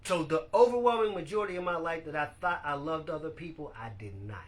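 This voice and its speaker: A man hosting a casual live-stream podcast, animated and laughing as he talks to his viewers. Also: a little high, fast talker. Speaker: podcast host.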